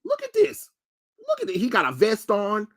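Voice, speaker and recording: A man's voice: sits high, wildly swooping pitch, moderate pace, fairly bright tone, soft background music. A young man streaming live, reacting to trailers with blunt, mocking, profane rants. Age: young adult.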